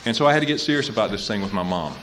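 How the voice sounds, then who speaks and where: A man's voice: on the low side, animated, racing, fairly bright tone, a little hiss or hum. A man speaking at a recovery convention, telling his story and repeating phrases to drive them home. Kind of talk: personal recovery talk. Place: convention hall.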